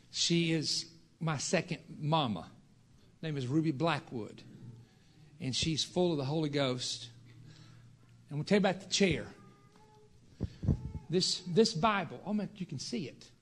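A preacher man telling a folksy testimony to a congregation, building into shouted fervor. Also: a little high, a little slow, pauses often, slight background noise.

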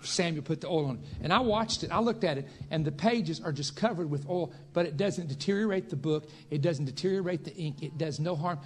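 A preacher man telling a folksy testimony to a congregation, building into shouted fervor. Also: on the high side, a little fast, few pauses.

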